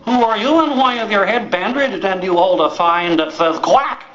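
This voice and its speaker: A man's voice: sits high, normal speed, background noise, close to an everyday voice. A man voicing a confident, friendly male moose who speaks in hearty broken English. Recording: roomy, dull live recording.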